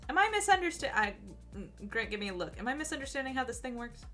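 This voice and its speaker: A woman's voice: high-pitched, big pitch swings, quick pace, bright, forceful tone, faint music behind. A woman playing a tabletop game, chatting casually and hesitantly with many fillers. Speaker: player.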